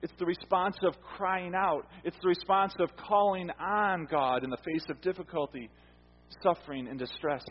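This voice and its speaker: A man preaching a sermon as pastor, earnest, repeating phrases for emphasis and letting his lines fall quiet at the ends. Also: on the high side, husky. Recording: dull, echoey hall sound.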